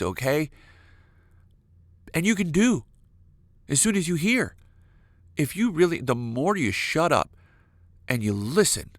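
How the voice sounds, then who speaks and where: Gravelly, animated man ranting crudely. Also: mid-range voice, dry recording, studio quality. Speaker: podcast host. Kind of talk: comedic solo monologue.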